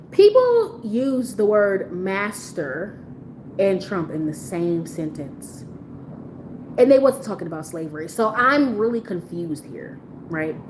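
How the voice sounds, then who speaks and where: A woman's voice: medium pitch, darkish tone, a little hiss or hum, poor audio. A woman giving a blunt, profane commentary rant on a live stream, talking in an incredulous tone.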